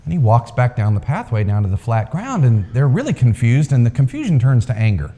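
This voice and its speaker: A man telling a parable to a live audience in a lively storytelling manner. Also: mid-range voice, a little fast, few pauses, husky. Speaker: speaker, coach. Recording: long hall reverb.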